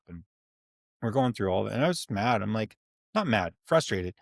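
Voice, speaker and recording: A man's voice: on the low side, sing-song, moderate pace, creaky, dry recording, studio quality. A man in his forties co-hosting a podcast, telling a candid, rambling story and swearing freely. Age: 40s. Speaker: podcast co-host. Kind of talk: casual chat.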